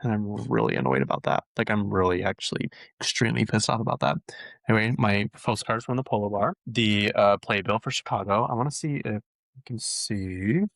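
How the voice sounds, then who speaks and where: A man chatting casually as a vlog host, gushing and excitable with lots of fillers. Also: on the low side, brisk, gravelly, dry recording. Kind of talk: casual chat. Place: lives in Utah.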